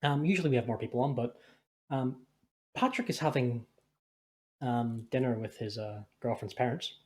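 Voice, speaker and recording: Rambling, jokey podcast host. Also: male voice, mid-range voice, brisk, darkish tone. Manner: rambling, jokey, swears freely. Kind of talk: casual podcast chat.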